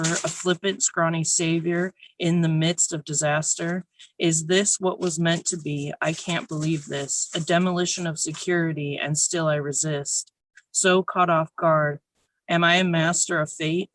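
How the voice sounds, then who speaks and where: A nervous open mic poet giving an intense, raw spoken word reading, slowing down on emphatic phrases. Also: mid-range voice, a bit bright. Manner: nervous, first time reading for strangers.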